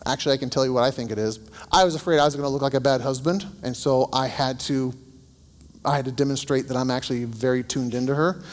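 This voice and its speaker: A man's voice: medium pitch, fairly even intonation, quick pace, in a large hall. A man working as a counselor, teaching a group in a casual, anecdotal way and asking them questions. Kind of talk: conversational teaching.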